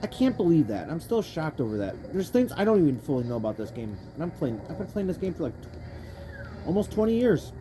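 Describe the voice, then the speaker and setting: A woman's voice: low-pitched, very animated, fairly quick, noisy background. Young woman ranting angrily while gaming. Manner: angry profane ranting; frustrated, rambling self-interrupting talk. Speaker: gamer playing a kart racing game. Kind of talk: let's play commentary. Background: faint game music.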